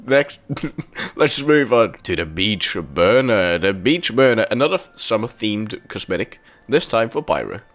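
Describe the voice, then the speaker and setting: A man's voice: fairly low pitch, animated, measured pace, fairly bright tone. Chatty, enthusiastic young man. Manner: chatty, enthusiastic, laughs often. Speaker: video game YouTuber. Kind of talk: casual commentary.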